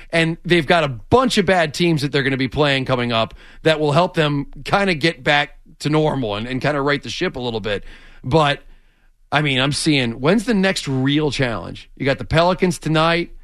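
A man's voice: fairly high pitch, fairly bright tone, no room sound, studio quality. A man co-hosting a sports radio show, chatting casually and laughing often between points. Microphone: studio microphone.

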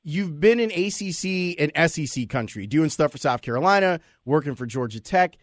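A man's voice: on the high side, expressive, moderate pace, no room sound, clean studio sound. A man hosting an interview, asking his guest conversational questions. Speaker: podcast host.

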